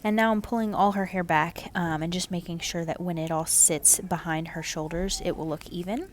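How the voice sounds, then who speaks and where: A woman casually narrating her home haircut video, chatty and relaxed, with lots of "um"s and "kinda"s. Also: fairly low pitch, moderate pace, slight background noise.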